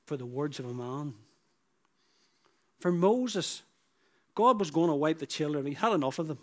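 A man's voice: a little high, lively intonation, moderate pace, pauses often. A man preaching a sermon, building emphatic repeated phrases that rise in force. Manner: emphatic, repetitive preaching with rising bursts.

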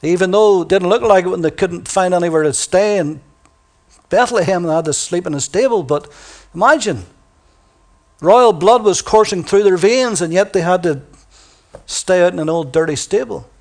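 A man preaching a sermon in a church, stressing key words by slowing down. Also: high-pitched. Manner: reads scripture quietly and softly.

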